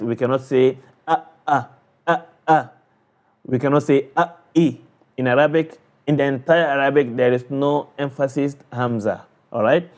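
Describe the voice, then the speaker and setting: A man's voice: mid-range voice, a little mellow. A man teaching Quran letter sounds, patiently drilling syllables one by one and explaining each point.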